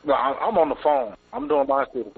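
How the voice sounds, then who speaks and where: A male caller on the phone, chatting casually and a little haltingly. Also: a little high, very animated, vocal fry, husky. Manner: friendly, halting, fillers. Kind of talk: casual chat. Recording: tinny phone line.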